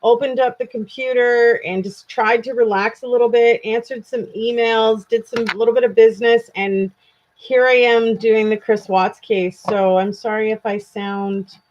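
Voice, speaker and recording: A woman's voice: fairly high pitch, fairly even intonation, moderate pace, a little mellow. A tired woman from Canada hosting a casual true crime live stream, chatting with viewers in a self-deprecating way. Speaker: true crime channel host. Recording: dull lo-fi home stream audio.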